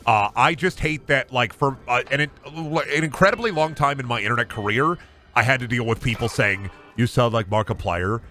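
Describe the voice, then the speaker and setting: A man's voice: mid-range voice, moderate pace, sharp tone. A male streamer giving casual gaming commentary, rambling and swearing freely.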